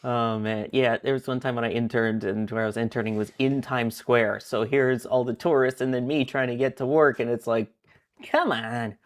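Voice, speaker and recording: A man's voice: mid-range voice, steady tone, brisk, hardly any pauses, clean tone. A man from New Jersey with a New York area accent, hosting a casual livestream chat and reading out viewer orders. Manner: joking, reads out viewer purchases. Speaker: livestream host.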